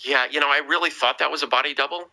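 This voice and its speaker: A man's voice: a little high, very fast, sharp tone, low-quality recording. A man talking as a podcast guest in casual conversation, rambling with many fillers and restarts.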